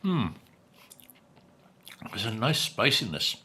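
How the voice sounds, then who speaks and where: An older man talks about the food he is eating at home, in an unhurried and chatty way with a dry wit. His voice is bright and a little forceful. He pauses to chew and hum between remarks. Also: mid-range voice, big pitch swings. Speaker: food vlogger. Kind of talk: casual food review while eating.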